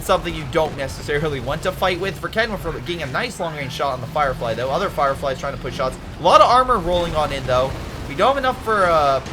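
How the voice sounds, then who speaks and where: Excitable male game commentator, lively pitch. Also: background noise. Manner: animated, excitable, jokes and swears at the screen.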